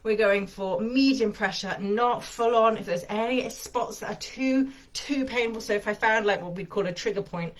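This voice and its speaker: A woman's voice: medium pitch, moderate pace, hardly any pauses. A woman teaching a massage and yoga lesson, chatty and enthusiastic, slightly out of breath as she demonstrates. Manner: chatty, enthusiastic, thinking aloud with fillers.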